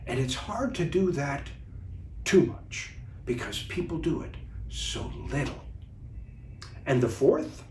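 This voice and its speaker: A man coaching viewers as a communication trainer in an instructional video talk, deliberate and animated. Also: on the high side, a little hiss or hum. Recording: echoey room, distant mic.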